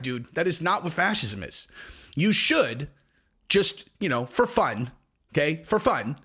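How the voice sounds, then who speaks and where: Hosting a commentary video, a man with a high, somewhat bright voice launches into a casual rant. He is sarcastic and rambling, often slipping into mocking impressions of other people's voices.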